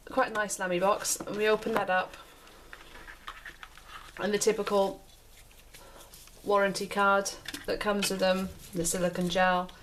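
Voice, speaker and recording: A woman's voice: medium pitch, slight background noise. A British woman hosting a pen review show, chatting casually and often repeating herself as she describes the pen. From United Kingdom. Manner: chatty, repeats and restarts phrases while describing.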